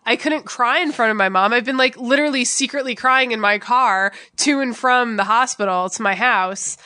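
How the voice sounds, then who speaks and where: A woman's voice: on the high side, normal speed, pushed and bright, no room sound, clean studio sound. A young woman co-hosting a podcast who speaks in a candid, emotional and profane way. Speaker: podcast co-host. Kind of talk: candid conversational storytelling.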